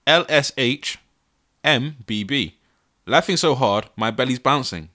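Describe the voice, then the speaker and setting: Young male podcast host, bright voice, animated and exasperated, laughs often. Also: mid-range voice, a little slow. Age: 20s. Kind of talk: casual solo podcast. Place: his bedroom.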